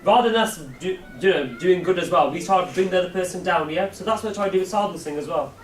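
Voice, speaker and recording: Male preacher, high voice, animated storyteller, recorded from across an echoey hall. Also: fast. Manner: animated storyteller, asks audience questions, acts out voices. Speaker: Sikh preacher. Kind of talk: storytelling talk to youth camp. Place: large hall at a camp. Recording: echoey hall, mic far off, faint hiss.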